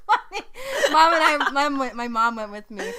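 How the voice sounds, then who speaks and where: A woman's voice: a little high, moderate pace, pushed and bright. A young woman co-hosting a podcast, chatting casually and giggling often, with lots of fillers. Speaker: podcast co-host. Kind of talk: casual chat.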